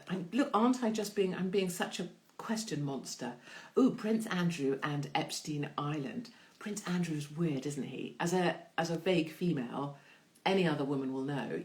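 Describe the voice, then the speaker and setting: Chatty, irreverent woman hosting a live stream. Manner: irreverent, chatty, swears freely, asks the audience questions; big jumps in pitch when reading questions aloud. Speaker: host of her own online show. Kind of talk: casual live-stream chat answering viewer questions.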